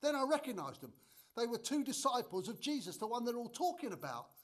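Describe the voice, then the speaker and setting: A man's voice: very high voice, very animated, a little fast, exaggerated voice. An actor in a church drama sketch playing a chatty, proud middle-aged trader and father, who tells the story with wry asides.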